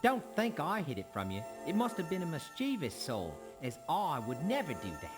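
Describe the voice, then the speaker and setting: A man's voice: fairly high pitch, wildly swooping pitch, normal speed, soft background music. An actor playing an eccentric male butterfly-collecting scientist in a video game, with an odd accent that wanders and is hard to place, delivered in a theatrical sing-song way. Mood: sly.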